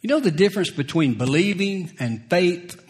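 A man preaching a sermon, slow and deliberate, who chuckles between points and acts out scripture quotes. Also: high-pitched, animated.

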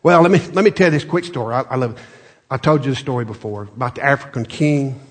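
A man preaching a folksy sermon, telling stories with many restarts and building to loud, emphatic peaks. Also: mid-range voice, fast. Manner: folksy storytelling, repeats words, rises to loud emphatic peaks.

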